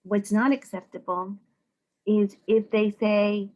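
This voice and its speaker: A woman from the United States gives a psychology talk to students in a voice pitched a little above the usual. She talks in a loose, conversational way, and she brings her stories to life by putting on the voices of the people in them. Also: normal speed, dull audio. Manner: conversational, animated, acts out quoted people in voices. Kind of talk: informal lecture to students.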